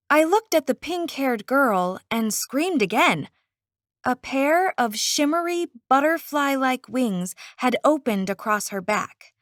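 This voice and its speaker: A woman narrating a first-person novel audiobook in an expressive, unhurried way. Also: high-pitched, no room sound, clean studio sound.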